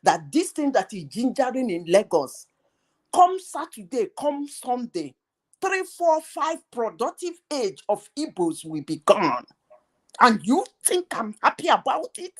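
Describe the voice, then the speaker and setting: Emphatic woman, animated delivery. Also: fairly high pitch, measured pace. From Nigeria. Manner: insistent, emphatic, pressing rhetorical questions. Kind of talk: heated live panel debate.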